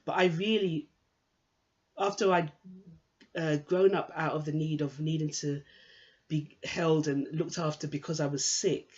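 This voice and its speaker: A woman's voice: sits low, steady tone, a little slow, long pauses, lo-fi sound. A woman giving an improvised personal monologue while sitting on a swivel chair, talking in a rambling, candid way full of restarts. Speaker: monologue performer.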